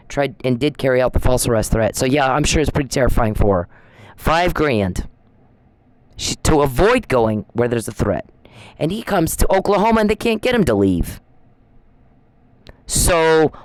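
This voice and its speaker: A woman's voice: extremely low pitch, no room sound. Woman, angry vlog rant, profane and accusing, close dry sound. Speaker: vlogger. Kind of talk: angry direct-address rant.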